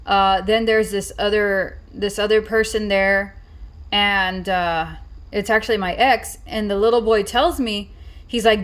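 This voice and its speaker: A woman's voice: medium pitch, fairly even intonation, unhurried. A woman vlogger telling a story in a casual, rambling way, full of fillers and restarts.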